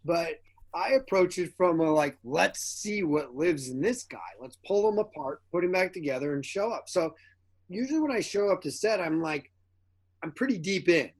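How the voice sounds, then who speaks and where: A man as a guest actor in an interview, telling casual stories with animated energy, acting out the quoted dialogue and laughing often. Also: fairly high pitch, normal speed.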